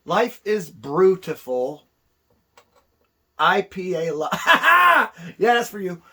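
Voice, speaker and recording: Boastful husky-voiced male co-host. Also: sits high, sing-song, takes it slowly, pushed and bright, recorded from a distance. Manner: boastful, indignant, self-praising. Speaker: wrestling show co-host. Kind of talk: casual in-character chat.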